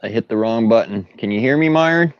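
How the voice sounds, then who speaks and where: A man's voice: medium pitch, lively intonation, quick pace, dry recording. A man chatting casually on a video call in an easygoing way, swearing now and then. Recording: dry, muffled call audio.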